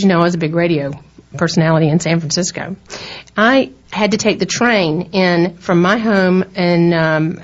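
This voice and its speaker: A middle-aged woman with a Southern accent co-hosting a radio talk show, chatting in a rambling, laughing way. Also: fairly low pitch. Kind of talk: casual on-air chat. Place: radio studio. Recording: dull lo-fi radio recording.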